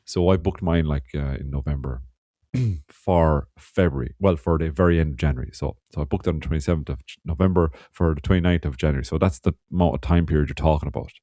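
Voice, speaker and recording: Irish male podcast co-host, rambling storyteller, deep dark voice. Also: quick pace, few pauses, no room sound, studio quality. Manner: rambling, swearing, laughs often. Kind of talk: casual chat.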